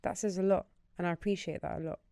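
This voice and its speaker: A woman's voice: on the low side, fairly even intonation, fast talker, mellow, smooth, no room sound. A woman hosting a podcast in a studio, reacting with empathetic remarks. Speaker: podcast host. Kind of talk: casual chat.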